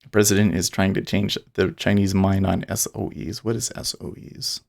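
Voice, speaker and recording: A man's voice: low voice, steady tone, moderate pace, vocal fry, a little mellow. A man talking casually and rambling as he streams his live day trading, often restarting and chuckling. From Utah.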